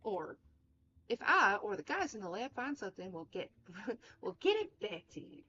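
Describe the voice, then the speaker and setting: A woman voicing a friendly young woman forensic tech with a put-on Southern US accent, speaking high and bubbly. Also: sing-song, normal speed, breathy edge, full character voice. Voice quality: bright, bubbly. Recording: dull lo-fi with music.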